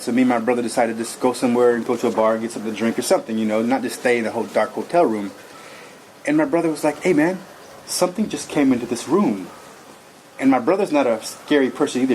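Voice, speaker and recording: A man tells his own story in an earnest, rambling way, stopping often for fillers and restarts. His voice sits at an ordinary middle pitch. A faint noise hums under the recording. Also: darkish tone, rough recording. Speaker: guest telling his story. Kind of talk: personal testimony.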